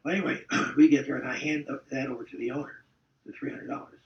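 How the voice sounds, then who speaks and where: A man's voice: medium pitch, fairly even intonation, fast talker. Older man, casual storytelling, chuckling and salty, echoey room, muffled sound. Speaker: former football player recalling the past. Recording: distant, roomy, dull-sounding recording.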